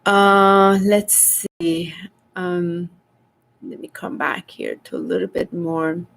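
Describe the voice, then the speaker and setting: A middle-aged woman hosting a casual spiritual livestream, reading viewers' comments aloud and talking with animated exasperation. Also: slow pace. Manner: animated, rises in pitch when exasperated. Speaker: spiritual host reading live chat.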